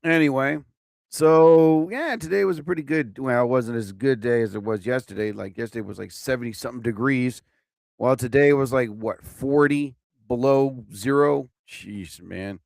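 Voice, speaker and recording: A man's voice: mid-range voice, moderate pace, gravelly, darkish tone, no echo, clean studio sound. A young man hosting a casual live-stream show, rambling and joking, swearing often as he fumbles with his sound effects. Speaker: host.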